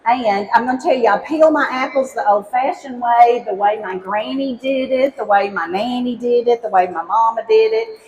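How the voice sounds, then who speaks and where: On an outdoor cooking stage before a live audience, a cheerful Southern woman from Alabama, once a high school teacher, demonstrates a recipe. Her fairly high, darkish voice moves at a moderate pace as she chats in a folksy way and keeps engaging the crowd. Audio quality is low, with a bit of background noise.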